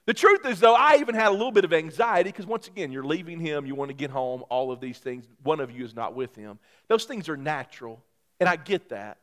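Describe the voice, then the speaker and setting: High-voiced pastor preaching a sermon. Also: male voice, a little fast. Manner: storytelling, animated and self-mocking. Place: church sanctuary.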